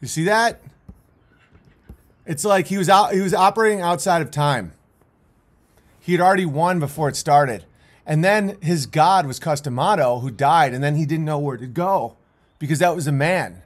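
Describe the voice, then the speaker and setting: A man's voice: fairly high pitch, normal speed, long pauses. A man commentating on video clips in a rambling, intense way, with many restarts.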